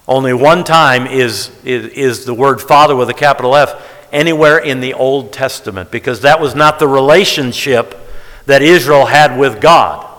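A man preaching in a sermon style, leaning hard on key words as he works through counts. His voice sits at an ordinary middle pitch and carries a long reverb from a large hall. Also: moderate pace, a bit bright. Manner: emphatic, counting out word tallies with stress on key words. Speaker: preacher teaching the Bible. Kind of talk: sermon-style Bible teaching.

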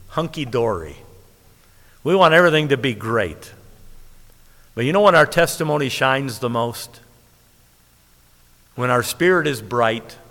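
A man preaching a sermon, emphatic and lively, stretching key words and laughing at his own points. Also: medium pitch. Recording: long hall reverb.

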